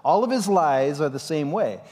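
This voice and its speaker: A male pastor delivers a dramatic sermon, his voice sitting a little high and leaping all over its range. His lines carry into a long church reverb. He drives each point with animated emphasis. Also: normal speed. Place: church sanctuary.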